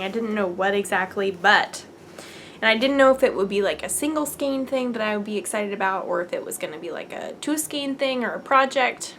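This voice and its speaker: A woman hosting a chatty podcast, gushing with excitement and often slipping down to a near whisper. Her voice sits at a middling pitch. A faint background hiss runs under it. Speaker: podcast host. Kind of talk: casual podcast chat showing yarn to camera.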